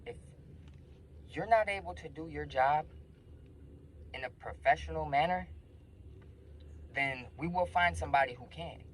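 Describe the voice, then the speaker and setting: A man voicing a stern middle-aged male school principal who speaks in a firm, measured, formal way. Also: fairly high pitch, slight background noise, natural voice, low-quality recording.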